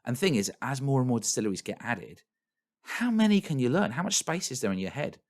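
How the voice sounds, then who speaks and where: A man's voice: mid-range voice, big pitch swings, fast talker. A man co-hosting a casual whisky podcast, rambling with frequent restarts and laughter. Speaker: podcast co-host. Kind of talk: casual chat.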